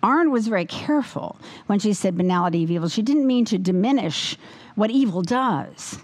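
A woman giving a formal lecture with a slightly wobbly voice, speaking in a measured, deliberate way and taking questions afterwards. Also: mid-range voice, lively intonation, darkish tone. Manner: measured, deliberate, with many fillers when answering. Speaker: guest lecturer. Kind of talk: formal lecture, then audience Q&A.

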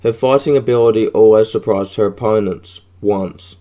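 A man narrating an audiobook in a steady, even reading. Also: fairly low pitch, normal speed.

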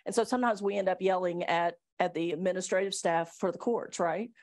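Before a live audience in a meeting room, a middle-aged female attorney trains staff in a brisk, lowish, slightly mellow voice. Her manner is chatty and self-deprecating, with frequent laughter between points.

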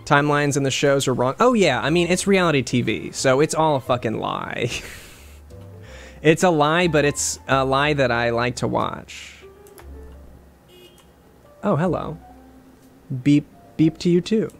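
Male streamer, relaxed rambling talk with cursing and laughs, a bit of fry in a higher-than-average voice. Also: a little slow, long pauses, soft background music. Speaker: game streamer. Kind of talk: casual live-stream chat over gameplay.

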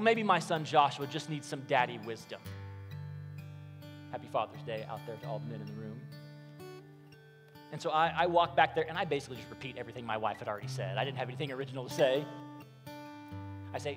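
A man preaching a sermon as pastor, measured, dropping soft and low on key phrases while weaving in a family story. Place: church sanctuary. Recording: long hall reverb, faint guitar behind. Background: soft guitar music.

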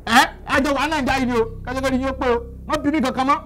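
A man with a Nigerian accent playing a makeshift Santa in a comedy skit, loud, playful and rambling. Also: extremely high pitch, fairly even intonation, racing, faint music behind.

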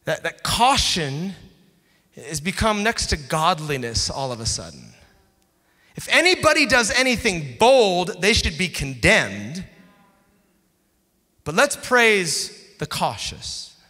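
A male pastor preaches emphatically and conversationally. His voice is fairly high, swings widely, and rings bright. A long reverb from a large hall follows every phrase. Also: very animated, slow. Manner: emphatic, conversational, with dramatic drops to near-whispers. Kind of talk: sermon. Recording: echoey hall.

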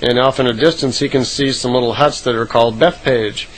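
A man's voice: medium pitch, steady tone, brisk, slight background noise, rough recording. A man casually retelling a recorded account, rambling with frequent "uh" fillers and self-corrections.

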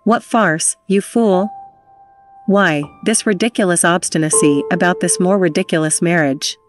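A woman's voice: on the low side, unhurried, soft background music, lightly acted. A woman reading the part of a stern, wealthy older father who speaks in a hard, cold, threatening way.

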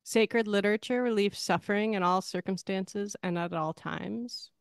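A woman with a mid-range voice reads short points in a brisk, matter-of-fact way. Her voice is recorded close and dry. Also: medium pitch, gravelly, smooth, dry recording. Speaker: podcast co-host. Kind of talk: reading out takeaways.

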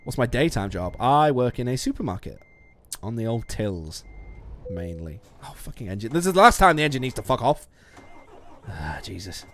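A man's voice: fairly low pitch, vocal fry, fairly bright tone. A man casually commenting while playing a game, chatty and self-mocking, swearing often and laughing a lot. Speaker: streamer.

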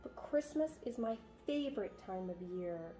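A woman voicing a jolly, excitable old Santa Claus with a cheerful, booming delivery, in a children's storybook reading. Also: measured pace, faint music behind, lightly acted. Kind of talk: reading a children's book aloud.

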